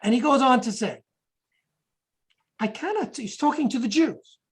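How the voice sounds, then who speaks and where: A woman's voice: high voice, fairly quick, low-quality recording. Woman, history lecturer, explanatory, reads quotes aloud, corrects herself.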